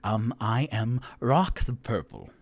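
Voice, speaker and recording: A man's voice: mid-range voice, takes it slowly. A man doing an eager, flustered half-orc with glasses. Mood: courteous. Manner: excitable, curious and flustered. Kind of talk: tabletop role-play voice.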